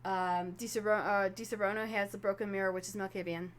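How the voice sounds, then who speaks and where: A woman running a tabletop role-playing game as game master, explaining at length in an animated way. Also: medium pitch, quick pace.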